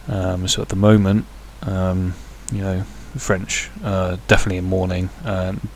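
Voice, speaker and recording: A man's voice: deep voice, level tone, normal speed, vocal fry, slight background noise. A man hosting a podcast on his own, rambling casually with many hesitations and crude, jokey asides. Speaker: podcast host. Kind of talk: casual solo podcast chat.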